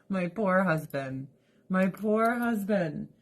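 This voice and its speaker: A woman vlogger chatting casually to viewers, emotional and rambling, laughing often and swearing freely. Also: medium pitch. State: weepy, emotional. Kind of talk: casual livestream chat.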